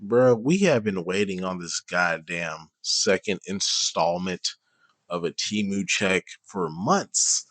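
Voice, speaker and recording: A man's voice: sits low, slow pace, fairly bright tone, dry recording. A man streaming a reaction, answering a clip with blunt, profane and mocking commentary.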